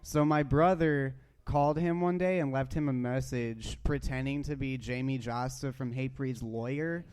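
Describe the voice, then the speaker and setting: Young man, radio co-host, laid-back, slangy, swears freely, smooth resonant voice. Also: medium pitch, normal speed, hardly any pauses, a little mellow. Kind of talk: casual chat.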